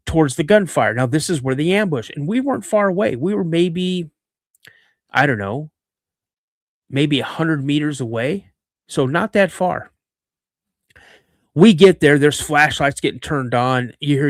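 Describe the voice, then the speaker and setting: A man hosting a podcast, telling a story in an animated way with frequent restarts and asides. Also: mid-range voice, normal speed, dry recording, clean studio sound. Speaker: podcast host.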